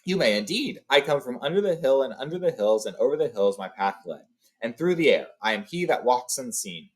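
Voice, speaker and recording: A man's voice: mid-range voice, very animated, brisk. A man voicing a small, clever male hobbit burglar who speaks politely and in riddles. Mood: flattering.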